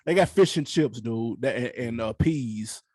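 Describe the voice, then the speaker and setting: A man co-hosting a podcast, talking in a relaxed, rambling way with plenty of swearing. His pitch sits in an ordinary middle range. The sound is dry and close-miked. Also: moderate pace, no echo. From United States. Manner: laid-back, rambling, profane storytelling. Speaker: podcast co-host. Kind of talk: casual podcast chat.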